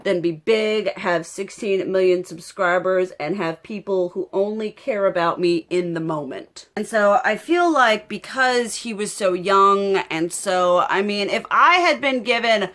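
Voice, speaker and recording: Slow-talking young woman vlogger. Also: mid-range voice, a bit bright. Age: young adult. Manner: emotional, rambling, heartfelt. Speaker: beauty vlogger. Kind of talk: casual get-ready-with-me chat.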